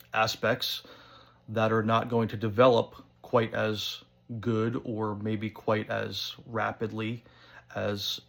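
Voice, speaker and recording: A man's voice: lowish voice, gravelly. A man with a New Jersey accent, talking casually to his channel viewers in a rambling way with many fillers. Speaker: pipe-smoking channel host. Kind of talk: casual monologue to camera.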